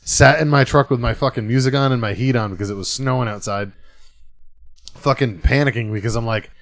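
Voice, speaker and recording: A man co-hosting a podcast, telling a story in casual chat, profane and animated. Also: medium pitch, a little fast, dry recording. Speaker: podcast co-host.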